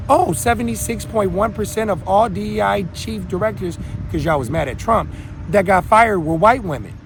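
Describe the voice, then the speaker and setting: A man in his thirties rants as host of his own show, preachy and heated, doubling back on his own words. His voice is gravelly and sits a bit high for a man. Faint street and traffic noise runs under the recording. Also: moderate pace. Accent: Minnesota. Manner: heated, preachy, rambling with restarts. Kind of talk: impassioned solo monologue.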